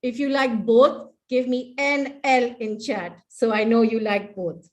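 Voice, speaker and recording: A high-voiced woman talks slowly and playfully as she guides an online audience. She coaxes listeners through exercises and laughs easily between her instructions, heard through a video call. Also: steady tone. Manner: playful, coaxing, laughs often. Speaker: webinar presenter leading laughter exercises. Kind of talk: online webinar talk.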